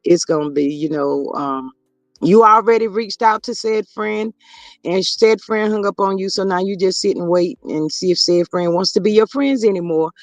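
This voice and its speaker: High-voiced man gossiping on a livestream. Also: normal speed, no echo, soft background music. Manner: chatty, reads viewer comments aloud, drawling asides to chat. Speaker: livestream host. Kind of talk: casual gossip commentary livestream.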